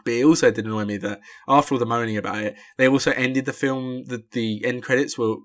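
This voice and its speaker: A man co-hosting a casual film review podcast, ranting and getting louder when annoyed. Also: fairly even intonation, quick pace. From London. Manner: ranting, gets loud and high when annoyed. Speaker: podcast co-host.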